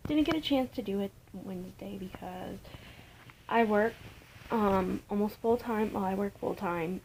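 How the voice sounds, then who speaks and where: A woman's voice: mid-range voice, measured pace, noisy background. A young woman vlogging casually from home in a rambling, chatty way, sometimes dropping to a near-whisper. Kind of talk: casual chat. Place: home, indoors. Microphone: camera mic.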